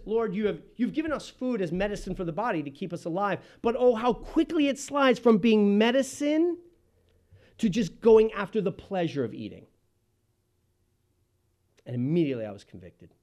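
A man delivering a sermon, moving between quick asides and slow, loud, emphatic lines. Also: high voice. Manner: impassioned preaching with sudden loud and slow emphatic phrases. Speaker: pastor.

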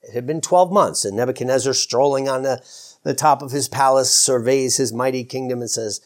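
A man at a middle pitch preaches a sermon in a loose, conversational manner. He backtracks, repeats words and corrects himself as he goes. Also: measured pace. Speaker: pastor.

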